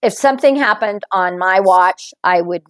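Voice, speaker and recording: A woman in casual conversation, an animated storyteller who laughs often. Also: mid-range voice, normal speed, no echo, low-quality recording.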